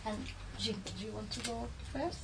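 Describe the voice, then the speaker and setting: A woman hosting a poetry panel, asking questions softly and hesitantly and murmuring agreement. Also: on the high side, normal speed, creaky. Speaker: event host. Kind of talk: moderating a panel discussion. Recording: noisy recording from far from the mic.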